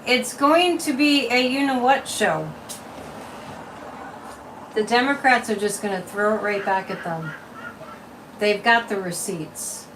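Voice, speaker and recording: A woman's voice: mid-range voice, slow pace, long pauses, distant mic, noisy background. A woman from Massachusetts hosting a casual psychic livestream, chatty and mocking, repeating words and laughing often.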